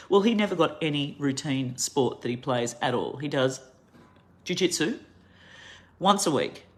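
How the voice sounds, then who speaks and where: A middle-aged woman with an Australian accent speaks in an angry, ranting monologue to camera. She hammers her points home with heavy emphasis. Her pitch swings widely and climbs high when she is worked up. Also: lively intonation, unhurried. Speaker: vlogger.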